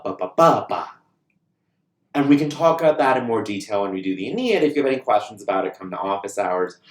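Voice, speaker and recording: A man giving a recorded university lecture to camera, chatty and informal, often checking in with "right?" and now and then swearing. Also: medium pitch. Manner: casual and lively, frequent "right?" check-ins, mild swearing. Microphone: camera mic. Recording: echoey room.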